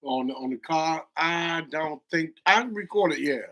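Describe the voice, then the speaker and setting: A man's voice: on the high side, unhurried, fairly bright tone. A man co-hosting a travel vlog, chiming in casually to back up his partner's story. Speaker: vlog co-host. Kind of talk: casual chat.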